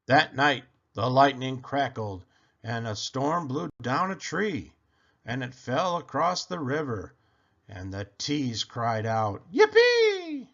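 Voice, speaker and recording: A man reading a children's picture book aloud with slow, animated storytelling. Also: medium pitch, muffled recording.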